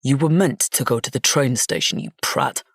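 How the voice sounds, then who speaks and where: A woman's voice: extremely low pitch, normal speed, gravelly, husky, no room sound, studio quality, full character voice. A woman voicing a haughty, scornful young nobleman in an audiobook, with a sneering, insulting manner. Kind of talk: audiobook character reading.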